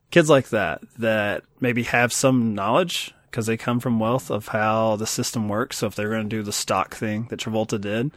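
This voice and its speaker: A man's voice: on the low side, fairly bright tone, no room sound. A man in his thirties co-hosting a casual movie chat, rambling and self-deprecating, laughing often. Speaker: podcast co-host.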